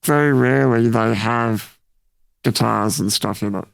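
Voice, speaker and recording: A man's voice: mid-range voice, unhurried, creaky, no room sound. A young man, co-hosting a casual podcast chat about music with brief, laid-back remarks. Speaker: podcast co-host.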